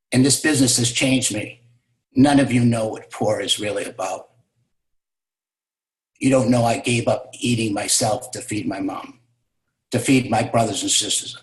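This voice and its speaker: A man voicing a shy, poor young woman who recounts her hardship in an earnest, soft-spoken way. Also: medium pitch, natural voice. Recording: roomy echo.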